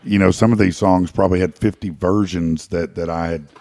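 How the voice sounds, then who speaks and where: A man's voice: low voice, fairly even intonation, a little fast, creaky, darkish tone, no room sound. A man chatting as a guest musician, rambling with many fillers and restarts. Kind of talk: casual interview chat.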